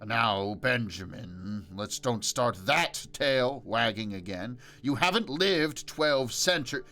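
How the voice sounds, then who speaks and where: A man's voice: medium pitch, lively intonation, slow, pushed and bright, full character voice. A man voicing an exasperated, fond priest who chides his old friend. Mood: chiding. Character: middle-aged priest abbot, exasperated but fond.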